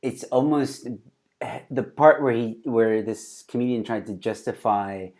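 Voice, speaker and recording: A man's voice: medium pitch, a little slow, a little mellow. A man hosting a casual interview over a video call, talking with many fillers and restarts. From South Africa. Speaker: host.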